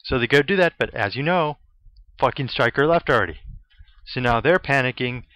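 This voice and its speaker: A man's voice: mid-range voice, pushed and bright, no room sound. Sarcastic, swearing man reviewing wrestling. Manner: profane, sarcastic, rambling with quick asides. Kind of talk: casual spoken review.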